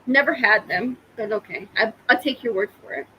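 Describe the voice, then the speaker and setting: A woman's voice: fairly high pitch, brisk, pushed and bright, a little hiss or hum, rough recording. A woman from Oklahoma co-hosting a casual live podcast, teasing and laughing often. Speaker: podcast co-host.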